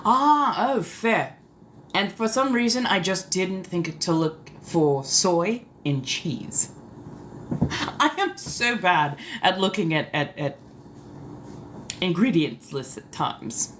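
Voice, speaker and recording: A woman's voice: lowish voice, noisy background. Theatrical woman with an old colonial accent. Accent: put-on old colonial mix of English, Scottish and Irish. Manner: theatrical, genteel, answers chat with drawn-out exclamations. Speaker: live streamer. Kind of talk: casual live chat in a vampire persona.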